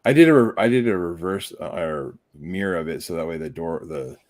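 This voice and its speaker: A man from central Illinois in casual chat on a livestream, explaining things in a relaxed way and often restarting his sentences. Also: deep voice, fairly quick, dry recording, clean studio sound.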